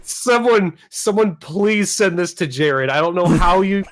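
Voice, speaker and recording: A man's voice: high-pitched, animated, unhurried. A man co-hosting a podcast in casual, profane banter, laughing often and swearing freely. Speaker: podcast co-host.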